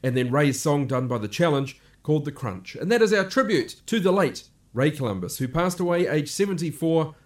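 New radio host guy, voice on the higher side, calm informative chat between songs. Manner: informative, measured record-by-record patter. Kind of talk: radio DJ presenting records.

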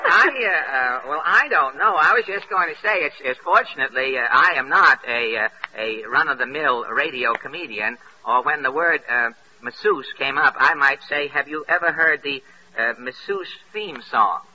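A man hosting a radio comedy show, interviewing guests with wry, dry wisecracks and halting uh's, heard on a dull old radio broadcast. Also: fairly high pitch, expressive, sharp tone.

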